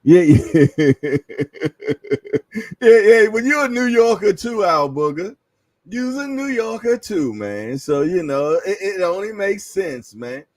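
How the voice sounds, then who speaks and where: A man's voice: sits high, very animated, slow pace, no echo. A man hosting a boxing news chat, talking in laid-back slang, laughing often and repeating himself. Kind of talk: casual livestream chat.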